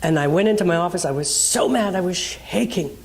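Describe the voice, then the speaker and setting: A woman's voice: lowish voice, expressive, fairly quick. A woman minister preaching in a conversational way, telling a personal story and acting out the people in it.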